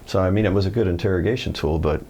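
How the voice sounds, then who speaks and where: Man, middle-aged, very deep voice, American, Spanish teacher, animated storytelling. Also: rapid-fire, husky. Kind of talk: video lesson.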